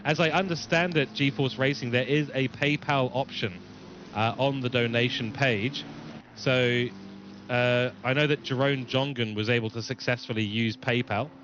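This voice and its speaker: A man's voice: medium pitch, fairly even intonation, normal speed, a bit bright, lo-fi sound, slight background noise. A man from New Zealand with a mixed English and New Zealand accent, giving live race commentary and reading viewer chat aloud. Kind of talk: live sim-racing commentary.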